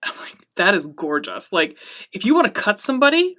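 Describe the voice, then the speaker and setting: Bright-voiced, chatty woman podcaster. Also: lowish voice, a little fast. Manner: chatty and excitable, swearing often, acting out the characters' lines. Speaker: podcast host recapping a TV episode. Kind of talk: casual, profane recap chat.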